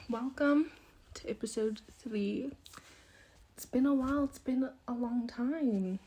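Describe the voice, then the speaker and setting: Twenty-something girl rambling on her podcast, mellow husky voice, giggles and whispers asides, pitched a bit high. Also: takes it slowly. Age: 20s. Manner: rambling, chatty, laughs often, drops into whispered asides. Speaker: podcast host. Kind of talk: casual chat. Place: indoors, room at home with windows. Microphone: phone held in hand.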